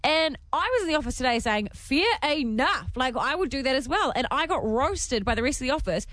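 Female radio host, chatty storyteller, bright expressive voice, dry studio sound. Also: sits high, fast, dry recording. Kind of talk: casual radio banter.

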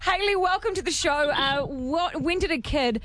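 A woman's voice: very high-pitched, animated, moderate pace, a loud crowd. A woman co-hosting a radio show, chatting, laughing often and reading listener texts aloud. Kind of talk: casual radio banter.

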